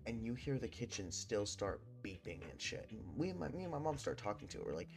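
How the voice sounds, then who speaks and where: A man's voice: lowish voice, expressive, brisk, few pauses. A young man hosting a podcast, rambling through a personal ghost story with lots of swearing and fillers. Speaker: podcast host. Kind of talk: casual storytelling.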